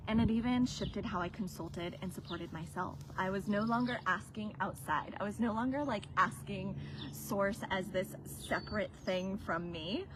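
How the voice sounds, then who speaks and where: A woman's voice: mid-range voice, very noisy. A woman and business coach telling a personal story on a livestream, earnest and emotional, sometimes dropping to a whisper.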